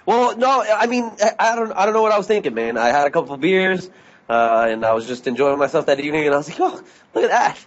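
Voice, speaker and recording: A man's voice: on the high side, expressive, quick pace. A man co-hosting a podcast, telling a sheepish, self-mocking story in casual chat. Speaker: podcast co-host. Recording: dull lo-fi podcast audio.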